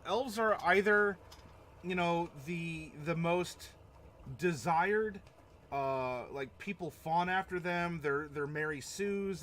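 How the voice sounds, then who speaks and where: A man's voice: on the high side, a bit bright, slight background noise. Rambling man hosting a live stream. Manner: rambling, chuckling, reacts to chat. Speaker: stream host. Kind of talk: casual live-stream chat.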